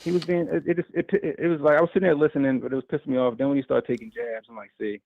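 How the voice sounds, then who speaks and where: A man's voice: fairly high pitch, creaky, slight background noise. A man calling in to a talk show, ranting heatedly and profanely about a debate. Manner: profane, animated, fast-talking. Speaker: caller. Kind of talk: heated call-in rant. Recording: tinny phone line.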